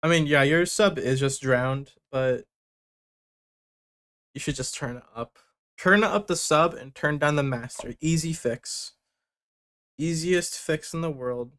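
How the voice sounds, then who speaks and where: A man's voice: on the high side, a little slow, pauses often, a bit bright. A young man hosting a livestream, bluntly reviewing submitted tracks with casual joking and swearing. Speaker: music producer giving feedback on submissions.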